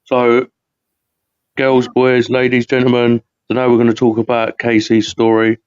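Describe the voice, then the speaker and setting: Here a UK podcast host rambles and chats casually on a live show, laughing frequently. His medium-pitched voice is monotone, measured, smooth and a little mellow, on a muffled recording without echo.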